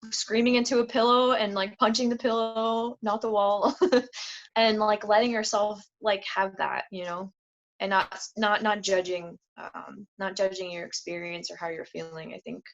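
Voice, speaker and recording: A woman's voice: mid-range voice, steady tone, normal speed. A woman speaking as a podcast guest in a candid, casual way. She talks earnestly, uses "like" a lot, and acts out quotes in a livelier voice. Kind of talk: candid casual interview talk. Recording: dull lo-fi podcast audio.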